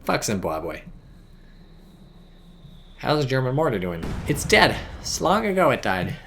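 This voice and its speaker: A man's voice: mid-range voice, a little slow, gravelly, slight background noise. Profane, rambling male game commentator. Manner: profane, rambling, lively bursts of excitement. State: tired and drunk, hiccuping.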